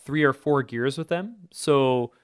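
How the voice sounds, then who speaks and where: A man's voice: medium pitch, measured pace, clean tone, no room sound, clean studio sound. A man, a choir teacher and podcast co-host, explaining vocal technique at length in casual chat with jargon and restarts.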